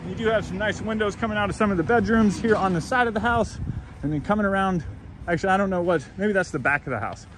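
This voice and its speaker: A man's voice: high-pitched, fast, noisy background. A man hosting a home tour video, walking around a model house and gushing over its features in a chatty, upbeat way. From United States. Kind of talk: enthusiastic home tour walkthrough.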